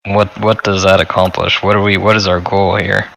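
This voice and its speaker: A man's voice: low-pitched, little pitch movement, moderate pace, gravelly, a bit bright, slight background noise, low-quality recording. A man playing a tabletop game, earnestly questioning the group. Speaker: player. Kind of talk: casual tabletop play.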